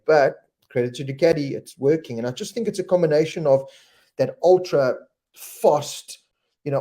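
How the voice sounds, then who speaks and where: A man's voice: medium pitch, warm tone. A man hosting a live-streamed motorsport show, chatting casually, reading out viewer comments and answering questions. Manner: chatty, reads viewer names and questions aloud. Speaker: host.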